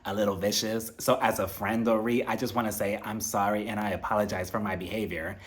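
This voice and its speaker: A man imitating a remorseful woman who speaks quietly and in a subdued way. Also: lowish voice, level tone, fairly quick, voice pushed down, close to an everyday voice. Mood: contrite. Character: remorseful woman offering a soft apology.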